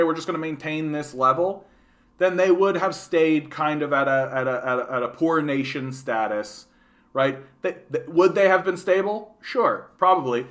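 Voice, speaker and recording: A man with a Canadian accent hosts an informal livestream in a fairly high, slightly bright voice. Swearing and rambling, he habitually finishes his sentences with "right?".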